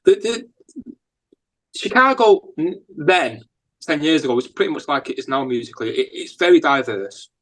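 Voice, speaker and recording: A man's voice: on the high side, normal speed, poor audio. A man with a northern English accent, a musician guest telling long rambling anecdotes in a casual interview. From England. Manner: rambling, animated anecdotes with lots of fillers.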